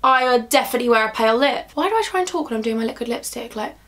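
A woman's voice: a little high, expressive, very fast, a bit bright. A young woman chatting to camera as a beauty vlogger, gushing and affectionate as she talks through her makeup. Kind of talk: casual makeup chat to camera.

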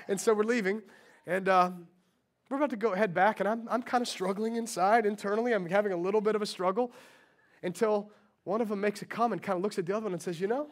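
Middle-aged male pastor, high-pitched voice, animated storytelling sermon delivery. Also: quick pace. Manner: animated storytelling, acting out dialogue. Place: church sanctuary.

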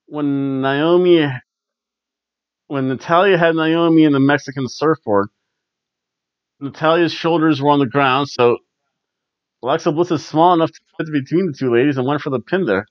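On his relaxed wrestling review podcast, this host speaks in a fairly high voice, wandering wryly from point to point and chuckling frequently. The audio is a dry, dull, lo-fi recording.

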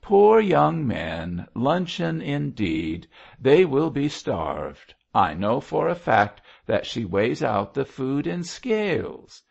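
A man reading an audiobook voices a sharp-tongued, spiteful older woman with a hard, cutting voice. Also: lowish voice, big pitch swings, takes it slowly, vocal fry, few pauses, breathy edge, full character voice. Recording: dull lo-fi audio.

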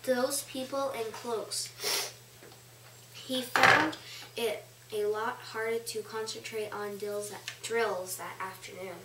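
Woman, slow halting reading aloud, repeats words, distant mic, roomy echo. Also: fairly high pitch, steady tone. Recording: echoey room, far from mic, faint noise.

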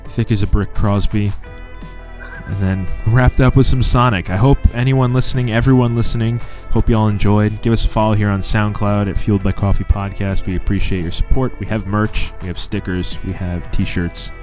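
A man's voice: lowish voice, fairly even intonation, normal speed, darkish tone, faint music behind. A man hosting a podcast, laid-back and casual, reacting with short exclamations and wrapping up the episode. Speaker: podcast host.

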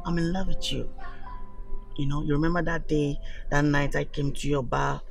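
A man's voice: fairly high pitch, little pitch movement, moderate pace, gravelly, faint music behind. An actor playing a stubborn young man who earnestly confesses his love. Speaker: son.

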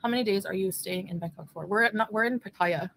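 A woman's voice: medium pitch, fast, fairly bright tone. A woman livestreaming, chatting casually and answering viewers with frequent giggles.

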